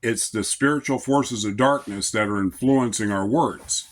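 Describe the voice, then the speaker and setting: A man giving an informal devotional talk as a Christian lay speaker, in a calm, measured, conversational way. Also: fairly low pitch.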